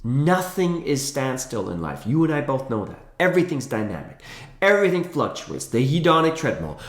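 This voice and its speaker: A man giving an energetic, emphatic health lesson to camera, with playful asides. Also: medium pitch, normal speed. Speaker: naturopathic health educator. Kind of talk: energetic educational talk to camera. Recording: roomy echo.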